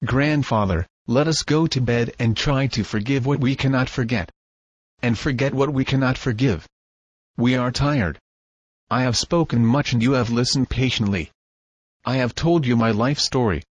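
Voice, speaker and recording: Guy reading as sad old grandpa in a storybook, husky, dry close sound, slow and solemn. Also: medium pitch, no room sound, highs cut off, close to an everyday voice. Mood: tender. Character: grieving old grandfather, tender and sorrowful.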